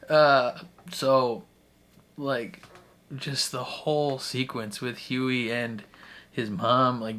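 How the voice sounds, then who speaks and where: A man's voice: mid-range voice, fairly bright tone, slight background noise. Rambling young man reviewing a TV episode. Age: 20s. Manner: rambling and heartfelt, many fillers and restarts. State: emotional, tearing up. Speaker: reaction channel host. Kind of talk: casual reaction commentary.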